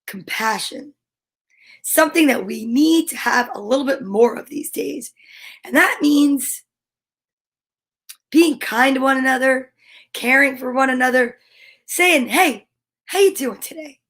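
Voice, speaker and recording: A high-pitched, bubbly woman hosts a children's story-time show, talking straight to the kids at home. She is middle-aged and chatty, with an animated, friendly delivery. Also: unhurried, pauses often. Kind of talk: cheerful chat to kids at home.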